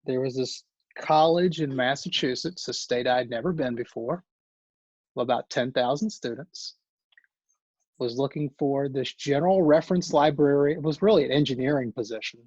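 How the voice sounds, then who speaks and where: Speaking at a moderate pace, this male guest speaker, an engineering librarian, has a medium-pitched voice that is slightly mellow and a bit rough. He wanders through his career story informally, often correcting himself, over dry, dull, lo-fi call audio.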